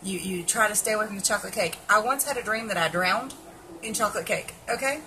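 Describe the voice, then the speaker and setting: A woman's voice: mid-range voice, quick pace, noisy background. A woman giving casual, blunt and sarcastic commentary on an article, swearing freely as she reacts. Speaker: keto vlogger.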